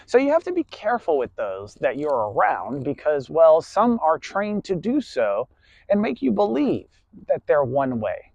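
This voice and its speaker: A man's voice: fairly high pitch, wildly swooping pitch, a little slow, creaky, darkish tone, no echo, muffled recording. Blunt, preachy man lecturing a class. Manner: blunt, preachy, swears, keeps asking "right?". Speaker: class instructor. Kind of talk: lecturing monologue.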